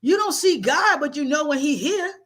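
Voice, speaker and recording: A woman's voice: sits high, animated, normal speed, a bit bright, pitched above the performer's own voice. A woman putting on a blunt scolding grandmother. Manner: scolding, matter-of-fact. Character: blunt, no-nonsense elderly grandmother.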